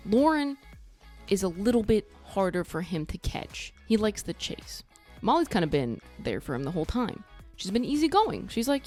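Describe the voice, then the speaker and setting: A woman's voice: medium pitch, sing-song, moderate pace, darkish tone, soft background music. A woman recapping a reality show in a casual vlog, blunt and sarcastic, swearing freely. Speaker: TV recap vlogger.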